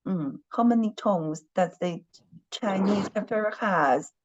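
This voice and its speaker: A woman's voice: medium pitch, unhurried, lo-fi sound, noisy background. A woman teaching a Chinese class online, patiently repeating her questions and humming while she thinks.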